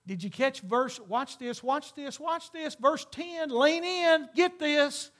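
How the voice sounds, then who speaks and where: Fervent preacher, high bright voice. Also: male voice, a little slow. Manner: fervent, emphatic, builds to exclamations. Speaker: pastor. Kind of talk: sermon. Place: church sanctuary with congregation.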